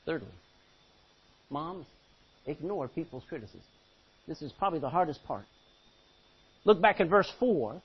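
A man's voice: a little high, lively intonation, a little slow, pauses often, slightly rough. A man preaching a sermon, exhorting the congregation with rhetorical questions, in a muffled lo-fi recording. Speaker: pastor.

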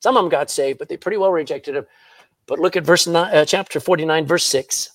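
A man's voice: on the high side, fairly quick, no room sound. A man preaching a sermon in church, reading scripture aloud and laughing at his own jokes. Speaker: pastor.

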